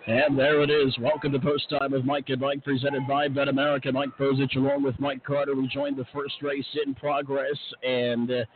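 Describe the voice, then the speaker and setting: A man hosting a live racing podcast from a trackside stage outdoors, speaking in a hushed, casual way with many uh's. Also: mid-range voice, flat delivery, normal speed, hardly any pauses, slight background noise. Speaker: podcast host. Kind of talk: live racetrack broadcast chat. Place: outdoor stage on a racetrack finish line. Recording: tinny phone-like line.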